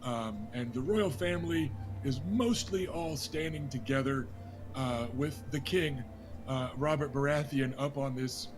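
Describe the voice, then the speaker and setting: A man narrating as game master, unhurried, with many fillers and hedges. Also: mid-range voice.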